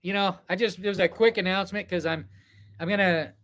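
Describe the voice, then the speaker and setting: A man's voice: high-pitched, fairly even intonation, fairly quick, fairly bright tone. Casual live-stream vlogger, male, meandering and reflective, chatting directly to viewers. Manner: meandering, reflective, talks straight to chat. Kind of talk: rambling casual live chat. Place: indoors, packing for a trip.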